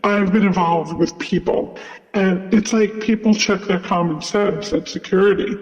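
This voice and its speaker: High-pitched guy telling a work story, loose chatty style, muffled reverby audio. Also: fairly even intonation, moderate pace. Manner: chatty, lots of "like" and "you know". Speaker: flight attendant. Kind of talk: casual storytelling. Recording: dull sound with long reverb.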